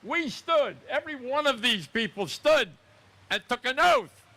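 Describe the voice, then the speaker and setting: A man's voice: very high-pitched, lively intonation, a little slow, pushed and bright. A man in his nineties, a veteran speaking solemnly at an outdoor memorial ceremony, repeating words for emphasis. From United States. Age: 90s. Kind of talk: ceremonial public speech.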